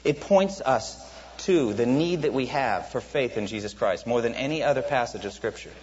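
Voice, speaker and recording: A man's voice: medium pitch, expressive, moderate pace, darkish tone, slight background noise. A man preaching a sermon, building to emphatic repeated lines and asking the congregation questions. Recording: dull, reverberant hall recording.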